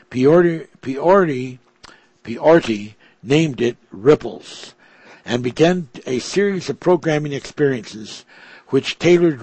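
Male preacher, husky voice, dry sound, stumbling storyteller. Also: mid-range voice, a little mellow, no room sound. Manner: hesitant, frequent restarts and stumbles. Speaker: preacher telling a religious story. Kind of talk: slow reading of a story with commentary.

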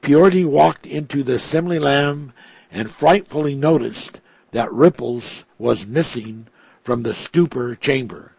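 Male preacher, husky voice, dry sound, stumbling storyteller. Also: medium pitch, unhurried, a little mellow, dry recording. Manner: hesitant, frequent restarts and stumbles. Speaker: preacher telling a religious story. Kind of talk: slow reading of a story with commentary.

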